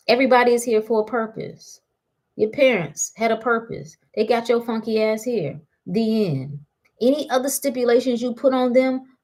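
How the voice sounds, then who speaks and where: A woman giving a casual spiritual pep talk, animated and teasing, laughing often and firing rhetorical questions. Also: fairly high pitch.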